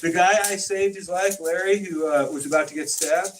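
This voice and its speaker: A man spins tales in loose, casual conversation, jumping into the voices of the people he quotes. His voice sits somewhat high for a man. He is caught from a distance, with a faint hiss under the recording. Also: normal speed. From California. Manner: animated storyteller, acts out quoted dialogue. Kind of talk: casual storytelling chat. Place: informal home conversation. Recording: distant mic with faint noise.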